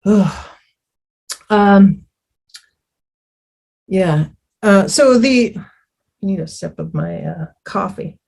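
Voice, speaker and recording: A woman shares her recovery story in a slow, unhurried delivery. Her voice sits in a middle register. She talks candidly and rambles, peppering her speech with fillers, restarts and casual swearing. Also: mid-range voice, animated, vocal fry, a little mellow, breathy edge. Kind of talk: personal testimony.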